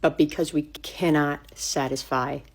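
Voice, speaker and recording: Brief: woman, low voice, solemn and emphatic. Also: fairly even intonation, measured pace.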